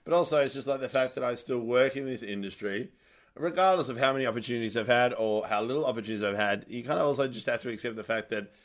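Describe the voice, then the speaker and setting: A man's voice: medium pitch, quick pace. A man, a comedian, telling a long anecdote in a casual chat, laughing as he goes. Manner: animated anecdote teller, laughs mid-story. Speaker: stand-up comedian. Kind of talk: casual podcast chat, storytelling.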